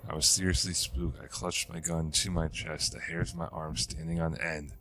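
A man narrates a ghost story in a measured, even delivery, now and then catching himself and restarting a word. His voice sits extremely low and stays flat across each line, with only a faint hiss of noise behind it.

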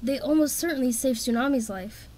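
A nervous young male dragon who stammers and repeats his words, pitched high and hurried, as a woman reading a storybook puts him on. He sounds bookish and unsure. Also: darkish tone, rough recording.

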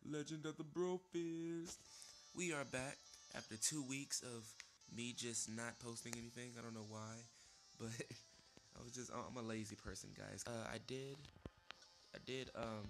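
Excitable young man yelling at a game. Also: mid-range voice. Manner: excitable, yelps and shouts at the game; rambling with many fillers. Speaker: let's play host. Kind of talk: casual gameplay commentary. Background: game music.

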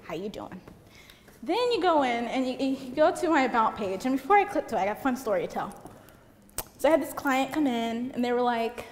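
A woman's voice: fairly high pitch, lively intonation, brisk. A young woman giving a casual seminar talk, chatty and giggly, peppered with "like". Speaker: seminar speaker. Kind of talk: casual presentation to an audience. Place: seminar room, on stage. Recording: reverberant hall with faint room noise.

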